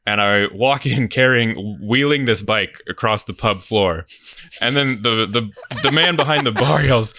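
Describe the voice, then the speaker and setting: A man's voice: lowish voice, measured pace, pushed and bright, dry recording. A man, a podcast game show contestant, tells embarrassing personal stories in a self-deprecating way, chuckling as he goes. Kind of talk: casual storytelling.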